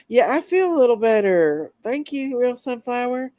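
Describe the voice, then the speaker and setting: This livestream host is a woman who is sick and on the mend, welcoming viewers by name in turn. She speaks a little slowly with hardly any pauses, her warm, somewhat high voice lively in intonation and free of echo.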